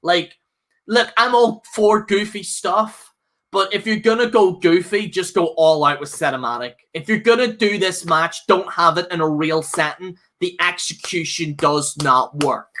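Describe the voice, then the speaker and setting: A man with a bright, forceful voice rants through a casual live review. He rambles and restarts often, exasperated and full of fillers. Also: high voice, a little slow. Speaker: host reviewing a wrestling show.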